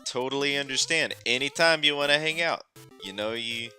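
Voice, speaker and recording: A man streaming a game, chatting casually, animated and exclamatory, and laughing often. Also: medium pitch, brisk, soft background music. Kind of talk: casual gameplay chat.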